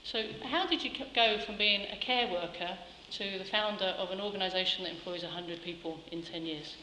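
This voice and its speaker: A woman's voice: mid-range voice, fairly quick, bright, forceful tone. A woman hosting a live chat show, reading an introduction and then asking her guest direct questions. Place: live event hall. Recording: echoey hall with faint noise.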